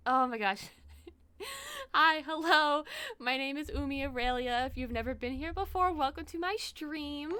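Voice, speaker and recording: A woman streaming from home, chatting casually while she plays a game, excitable, laughing often and swearing freely. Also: sits high, moderate pace, no room sound. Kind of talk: casual live-stream chat while gaming.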